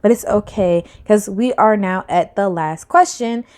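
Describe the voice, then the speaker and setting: A woman's voice: medium pitch, measured pace, clean tone. Slangy woman giving a tarot reading. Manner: slangy, rambling, swings loud and soft. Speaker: tarot reader. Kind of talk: casual spiritual reading to camera.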